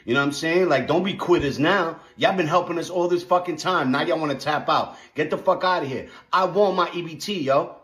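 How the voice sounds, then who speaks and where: Man, slightly high, profane repetitive rant. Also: a little fast, hardly any pauses, fairly bright tone, roomy sound. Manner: profane, repeats himself. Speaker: person in a viral clip. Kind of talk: mocking rant.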